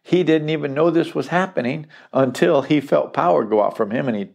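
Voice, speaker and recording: A man's voice: fairly high pitch, fairly quick, creaky, a little mellow. A middle-aged man teaching through a Bible passage verse by verse, emphatic and repeating key phrases for stress.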